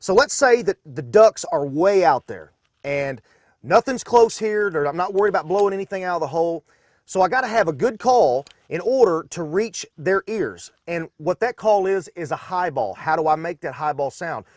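A man's voice: high voice, expressive, normal speed, no room sound, clean studio sound. A man from Arkansas, demonstrating duck calls in a folksy, instructional way from a duck blind.

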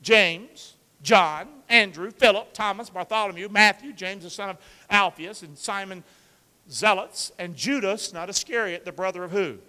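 A male pastor preaching an animated call-and-response sermon, coaxing the congregation to repeat after him and using football pep-talk imagery. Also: high voice, normal speed. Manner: energetic, coaxes the congregation to repeat lines. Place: church sanctuary with a congregation. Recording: long reverb of a large church hall.

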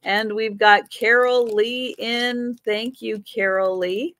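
This woman's voice is fairly high and a bit bright, steady in tone, and she takes her time. Middle-aged and chatty, she's hosting a live vintage sale and slips into baby talk with her pets between items.

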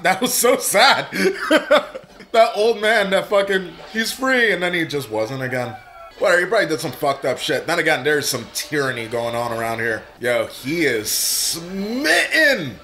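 Excitable, foul-mouthed man reacting to a movie. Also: on the high side. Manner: profane, excitable, blurts reactions. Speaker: reaction video host. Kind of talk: casual movie reaction commentary.

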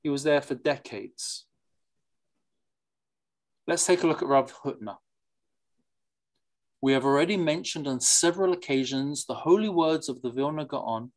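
Speaking at a middling pitch, a study-class teacher gives an animated, wandering informal lecture, reading passages aloud and explaining them. Questions to the audience come often, and Yiddish and Hebrew words are woven throughout.

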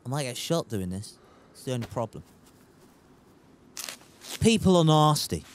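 A man's voice: mid-range voice, very animated, a little slow, a little hiss or hum. A man streaming a survival game, chatting casually, joking, swearing and trying out put-on accents. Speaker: gaming streamer. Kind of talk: casual gameplay commentary.

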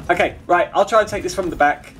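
A man's voice: high-pitched, fairly bright tone, slight background noise. A man streaming a co-op game, chatting casually, rambling with restarts and giggles. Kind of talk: casual gameplay chat.

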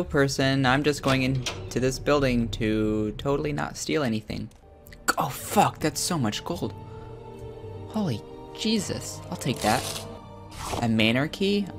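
A man giving crude, joking commentary while playing a video game, with loud excited outbursts. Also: medium pitch. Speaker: gamer streaming his own play. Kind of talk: profane let's-play commentary.

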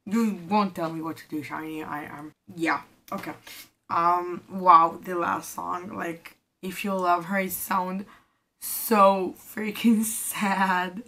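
A woman's voice: fairly low pitch, steady tone, unhurried, pushed and bright. Gushing young woman reacting to music. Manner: gushing, exclaims often, non-native phrasing. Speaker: K-pop reaction vlogger. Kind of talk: casual reaction commentary. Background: faint music playing.

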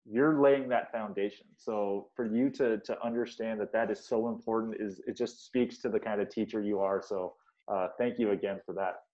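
A man's voice: lowish voice, steady tone, moderate pace, a little mellow. A man interviewing a teacher, encouraging and appreciative in a casual way. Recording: dull lo-fi sound.

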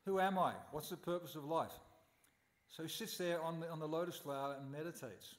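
A man's voice: fairly high pitch, steady tone, brisk, roomy sound, long reverb tail. A man giving a scripture class at a temple, telling stories animatedly and posing rhetorical questions. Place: temple hall.

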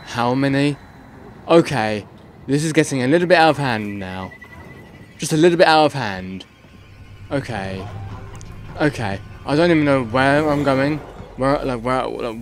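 A man talking through a horror game as he plays it, frantic and cursing under his breath. His pitch sits in the ordinary middle of a man's range. Soft music plays behind him. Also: normal speed, long pauses. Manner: frantic, swearing, muttering to himself while playing. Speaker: gaming channel host. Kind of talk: let's play commentary.

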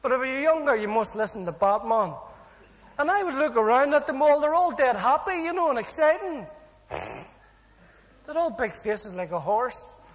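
Brief: Irish man, high voice, comic testimony storytelling in a reverberant hall. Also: normal speed, pauses often. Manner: jokey, punchline-driven, animated. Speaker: speaker giving a testimony.

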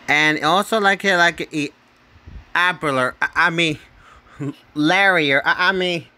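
Hosting his own channel, a man casually works through a ranking of his favorite users in a fairly high, bright, forceful voice, taking it slowly. He repeats himself, wanders, keeps asking "right?" and trips over names before fixing them.

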